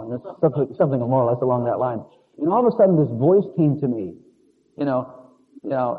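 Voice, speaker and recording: A man preaches a conversational sermon in a mid-range, slightly rough voice with lively intonation and a brisk pace. He rambles confessionally with chuckling asides, and the recording has a narrow, phone-like lo-fi sound.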